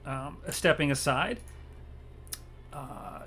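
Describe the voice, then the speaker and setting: A man's voice: medium pitch, unhurried, a bit bright, faint music behind. A man narrating a tabletop game as game master, hesitant with many ums and uhs.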